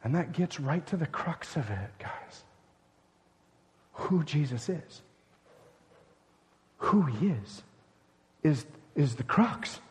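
A man preaching a sermon as pastor, urgent and emphatic one moment and hushed and grave the next. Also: fairly high pitch, expressive, slow pace, pauses often, a little hiss or hum. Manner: emphatic preaching, swinging between loud urgency and hushed gravity. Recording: long hall reverb.

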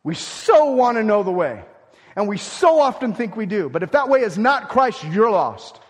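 A man's voice: high voice, very animated, moderate pace, long reverb tail. Preaching man with big dynamic swings. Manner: dramatic swings from loud emphasis to near-whispered lines. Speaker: pastor. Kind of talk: sermon.

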